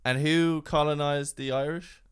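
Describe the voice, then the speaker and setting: A man's voice: a little high, fairly even intonation, unhurried, clean tone. A man from Australia on a casual podcast panel, talking dryly. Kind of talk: casual banter.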